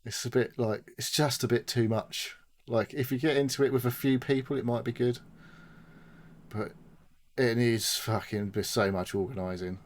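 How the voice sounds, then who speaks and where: A man's voice: mid-range voice, fairly even intonation, normal speed. Rambling, swearing man on a podcast. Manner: rambling, swears a lot, acts out quotes. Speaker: podcast co-host. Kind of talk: casual gaming chat.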